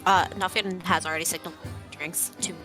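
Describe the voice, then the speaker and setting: A woman's voice: lowish voice, steady tone, fairly quick, music in the background. A woman playing a tabletop game, talking in character in a brash, crude, swaggering way. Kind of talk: casual in-character play.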